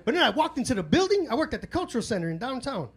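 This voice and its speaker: A man's voice: extremely high pitch, sing-song, very fast. A man doing live stand-up, telling loose, profane stories in street slang and acting out his own and others' voices. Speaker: stand-up comedian. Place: comedy club stage. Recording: live club recording with room noise.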